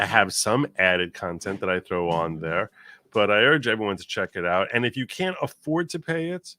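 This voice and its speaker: A man chatting casually as a guest, animated and rambling, with many restarts. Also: lowish voice, no room sound. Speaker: guest commentator. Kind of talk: casual chat.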